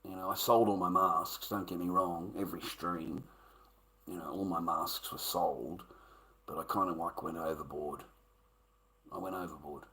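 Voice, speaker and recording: A man's voice: sits low, fairly even intonation, moderate pace, bright, forceful tone, low-quality recording. An Australian man, a livestreamer, in casual rambling chat, swearing constantly and calling everyone mate.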